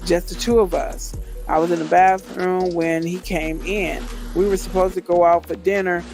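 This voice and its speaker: A man with a fairly high voice reads a memoir aloud for a live reaction stream. His delivery is dramatic, and he breaks off to comment on what he reads. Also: little pitch movement, moderate pace, gravelly, darkish tone, faint music behind.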